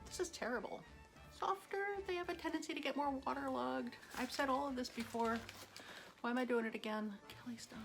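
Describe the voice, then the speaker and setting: A woman's voice: sits high, a little fast, a bit bright, soft background music. A woman hosting a casual cooking vlog in her home kitchen, chatty and self-mocking, laughing often. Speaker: cooking show host.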